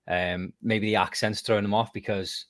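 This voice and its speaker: A man's voice: on the low side, normal speed, no echo, clean studio sound. A man from the UK with a British accent, chatting casually as a podcast guest and telling stories with a laugh. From United Kingdom. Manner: laughing storyteller, animated retelling. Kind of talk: casual chat.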